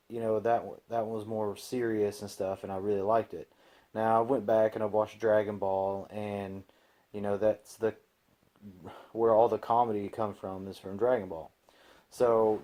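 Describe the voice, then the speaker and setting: A young man talks through an anime episode on his own channel in a loose, rambling way, full of fillers and restarts. His voice is mellow and dark, and he gets loud and exasperated when something annoys him. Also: lowish voice. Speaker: anime commentary host. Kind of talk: casual solo commentary.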